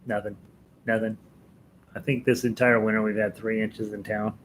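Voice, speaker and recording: A man's voice: fairly low pitch, flat delivery, moderate pace, a little hiss or hum, poor audio. An American man hosting a live ukulele lesson stream, chatting casually with viewers, chuckling often and rambling with fillers and restarts. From United States.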